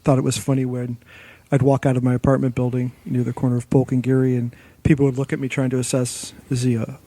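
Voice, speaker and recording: A man's voice: mid-range voice, fast talker, dry recording. A man co-hosting a podcast, telling a funny anecdote in casual chat. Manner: lively anecdote telling with laughs. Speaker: podcast co-host.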